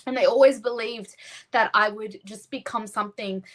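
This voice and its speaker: A woman's voice: fairly high pitch, steady tone, normal speed, a bit bright, poor audio. A young woman with an Australian accent, talking earnestly and at length as an interview guest. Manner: earnest, heartfelt, rambling. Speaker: pageant winner guest. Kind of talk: casual interview chat.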